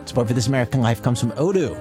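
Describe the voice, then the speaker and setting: A man's voice: medium pitch, animated, racing. A man hosting a radio show, reading credits and sponsor messages in an easygoing, conversational way. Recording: radio show with music bed.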